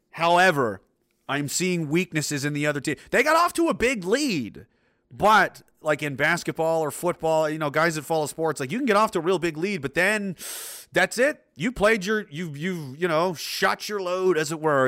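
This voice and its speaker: A man's voice: on the high side, bright, forceful tone, dry recording, studio quality. A man hosting a casual livestream, talking in a rambling way with many restarts. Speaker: livestream host.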